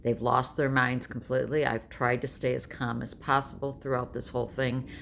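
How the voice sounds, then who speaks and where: Gravelly low-voiced woman in her sixties. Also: flat delivery, normal speed, fairly bright tone, a little hiss or hum. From New York State. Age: 60s. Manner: chatty storyteller, blunt and emphatic. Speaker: vlogger. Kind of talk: casual vlog monologue.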